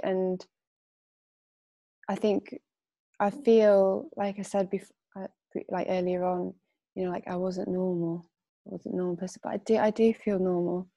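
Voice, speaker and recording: A young woman appears as a podcast guest in a casual interview chat, speaking loosely with plenty of fillers, frequent laughter, and moments of emotion. Her middle-pitched voice is mellow and steady, a little slow, with long pauses. The sound is close and dry, with no room sound.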